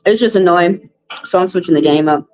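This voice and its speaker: A woman's voice: fairly quick, soft background music, poor audio. A woman, a tarot reader hosting a live stream, venting bluntly and with plenty of swearing to her viewers. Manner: blunt and profane, vents with rising pitch.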